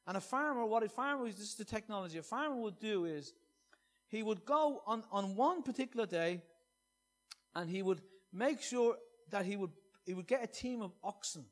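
A man preaching a sermon, earnest, swinging between loud emphasis and soft, hushed scripture reading. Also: high-pitched, expressive, normal speed.

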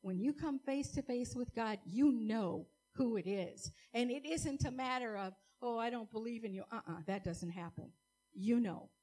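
A woman's voice: on the high side, animated, measured pace, warm tone, slightly rough, low-quality recording. A woman giving an earnest, emotional church testimony, speaking directly to a congregation.

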